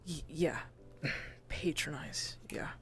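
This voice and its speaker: A man's voice: medium pitch, expressive, a little slow, vocal fry, soft background music. A man playing an irritable young man who swears often and sighs, trying to speak formally while a drawl slips in. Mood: exasperated. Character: grey-haired young man, irritable and touchy. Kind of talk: voice role-play in a virtual world.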